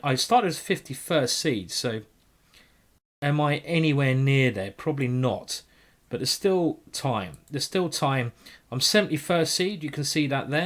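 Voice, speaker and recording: A British man talks through his own chess games on a live stream. He jokes at his own expense and thinks out loud, repeating words as he goes. His voice sits at an ordinary middle pitch. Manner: self-mocking, joking, thinks aloud with many repeats. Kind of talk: casual live-stream commentary.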